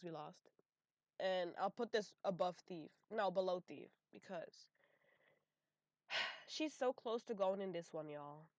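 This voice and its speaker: A woman's voice: medium pitch, no echo. A young woman giving sassy, blunt tier-list commentary on game characters, talking straight to her viewers in slangy casual speech. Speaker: gaming video creator.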